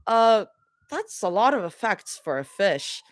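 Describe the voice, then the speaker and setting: A woman's voice: mid-range voice, sing-song, a little slow, no room sound. A sarcastic young heroine with a gamer's mind talks wryly to herself as she sizes up the world, played by a woman reading her own story. Her voice lifts and dips freely across her remarks. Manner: wry, sarcastic, self-talking.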